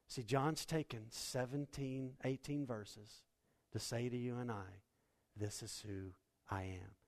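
A male pastor preaching a sermon, swinging from hushed storytelling to loud, impassioned appeals. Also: mid-range voice.

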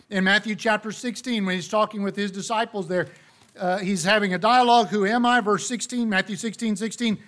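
A man preaching a sermon, emphatic, slowing down on key phrases and asking rhetorical questions. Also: high voice, fairly bright tone.

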